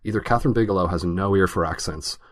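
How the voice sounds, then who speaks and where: Deep-voiced, hesitant male film podcaster. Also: fast. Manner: hesitant, many fillers and restarts. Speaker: podcast co-host. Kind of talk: casual film review chat.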